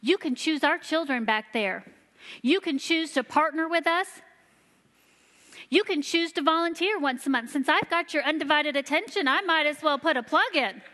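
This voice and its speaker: A woman giving a sermon to a church, telling stories earnestly and slowing down for emphasis. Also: high voice, bright, forceful tone. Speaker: church children's ministry leader. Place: church sanctuary. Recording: long reverb of a large hall.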